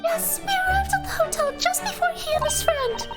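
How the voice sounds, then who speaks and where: A woman's voice: very high-pitched, a little fast, loud music behind the voice, pitched above the performer's own voice. A woman voicing a sweet, polite little girl in a video game.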